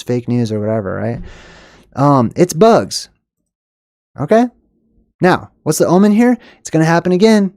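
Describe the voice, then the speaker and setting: A man hosting a casual monologue, rambling and animated, laughing between his own asides. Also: on the high side, no echo, clean studio sound. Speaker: host.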